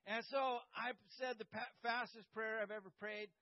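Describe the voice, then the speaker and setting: A man, a pastor, telling a personal story to a group with halting speech, many fillers and dry humor. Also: high-pitched, steady tone, muffled recording.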